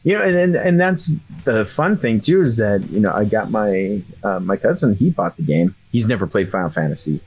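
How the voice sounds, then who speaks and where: A man with a deep, slightly husky voice co-hosts a casual podcast. He tells his stories in a loose, rambling way, full of fillers and restarts. Soft music sits faintly in the background. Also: expressive, normal speed, hardly any pauses. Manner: rambling storyteller with frequent fillers. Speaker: podcast co-host. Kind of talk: casual chat.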